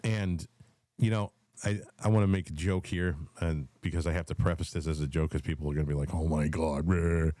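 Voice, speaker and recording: A man's voice: sits low, fairly even intonation, brisk, mellow, no room sound. A man in his forties hosting a casual political chat, rambling and swearing in an easygoing way. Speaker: podcast host.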